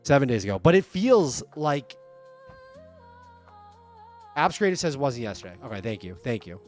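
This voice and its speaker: A man live streaming and chatting to his viewers, excitable and stammering through restarts. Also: medium pitch, normal speed, faint music behind. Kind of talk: casual live stream chat.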